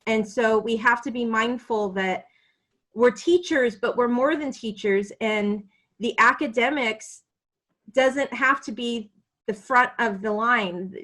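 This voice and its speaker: A woman's voice: on the high side, fairly bright tone. A woman teacher on a video call, telling a heartfelt story in an earnest, emotional way.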